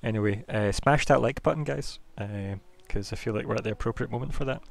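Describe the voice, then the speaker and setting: A man's voice: mid-range voice, quick pace, creaky. A young man narrating as game master in a casual, joking way, laughing often.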